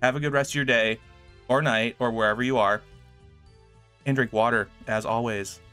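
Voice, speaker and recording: A man with a bright, clear voice hosts his own gaming video, talking through the results in a relaxed, chatty way. He sounds upbeat and enthusiastic, with soft music playing behind him. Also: mid-range voice, normal speed. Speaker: gaming YouTuber. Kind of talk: casual gameplay commentary.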